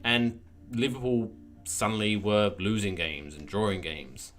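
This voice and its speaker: A man's voice: on the low side, fairly even intonation, a little slow, fairly bright tone, faint music behind. A man co-hosting a podcast in casual chat, rambling and restarting his thoughts, swearing now and then. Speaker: podcast co-host.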